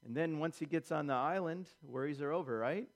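A male pastor delivering a sermon with a somewhat higher-pitched voice. He jumps into voiced quotations and hammers points home with repetition. His delivery swings between soft asides and forceful declarations. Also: fairly quick. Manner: preaching with dramatic voiced quotes and emphatic repetition.

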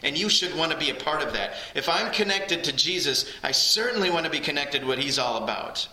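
A man's voice: a little high, lively intonation, a little fast, sharp tone. A man preaching a sermon as pastor, earnest and building emphasis on key phrases. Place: church sanctuary. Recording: echoey church hall.

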